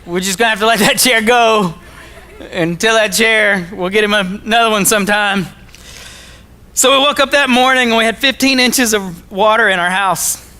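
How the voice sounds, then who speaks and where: A man from Arkansas, giving a jokey, animated storytelling talk to a school audience. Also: sits high, normal speed. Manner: animated, jokey, acts out his own quotes. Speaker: motivational speaker.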